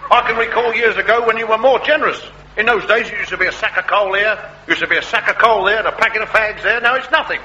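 An actor playing a cheeky working-class slum landlord, brash and argumentative, calling everyone "mate" in a comedy sketch. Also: male voice, high voice, fast, pushed and bright. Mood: mocking. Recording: muffled old recording with faint hiss.

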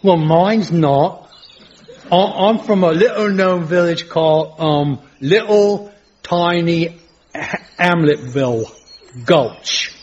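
An actor playing a timid colonial shopkeeper who hams up a silly, put-on English accent. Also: male voice, fairly high pitch, very slow. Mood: flustered. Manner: over-the-top put-on English phrases, hesitant. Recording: muffled TV audio with noise.

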